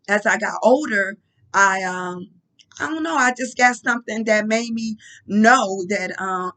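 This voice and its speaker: A woman speaking softly and haltingly in a heartfelt personal monologue, pausing and restarting as she talks. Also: mid-range voice, poor audio. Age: adult. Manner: halting, soft-spoken, with frequent pauses and restarts; emotional and heartfelt. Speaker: vlogger.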